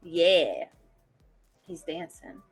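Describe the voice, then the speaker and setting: A woman's voice: on the low side, very animated, drawn-out words, breathy edge, faint music behind, poor audio. A woman playing a tabletop game, giving short laughing reactions. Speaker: player.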